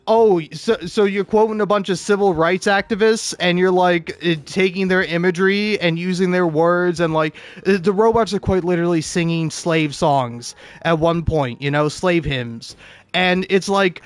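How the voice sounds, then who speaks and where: A man's voice: high-pitched, moderate pace, no room sound. A man ranting casually over gameplay, swearing often and stumbling through restarts. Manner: rambling, profane, stammering restarts. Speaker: gaming video host.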